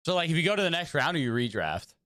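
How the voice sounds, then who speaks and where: A young male streamer rambles through casual chat with his viewers, his voice bouncing up and down in pitch. The sound is smooth and dry, with a fairly high voice. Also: very animated, fast talker, bright, forceful tone, no echo. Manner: rambling, chatty, greets and answers viewers. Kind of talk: casual livestream chat while gaming.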